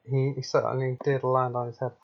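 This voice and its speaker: A man's voice: mid-range voice, flat delivery, gravelly. English man on lo-fi voice chat. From England. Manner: laid-back, swearing, quick to laugh. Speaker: podcast co-host. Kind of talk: casual chat. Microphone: headset over voice chat. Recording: lo-fi headset audio over voice chat.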